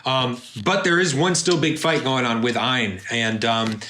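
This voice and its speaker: A man co-hosting a casual podcast from home, recapping in a thoughtful, hedging way with plenty of fillers. His voice is bright and forceful, and the room gives it a clear echo. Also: mid-range voice, steady tone, measured pace, a little hiss or hum. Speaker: podcast co-host.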